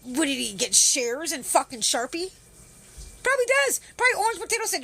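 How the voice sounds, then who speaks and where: A woman's voice: high-pitched, big pitch swings, a little fast, creaky, sharp tone. A woman hosting a livestream, ranting sarcastically with heavy swearing and greeting her viewers. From Canada. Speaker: livestream host. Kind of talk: casual ranting livestream chat.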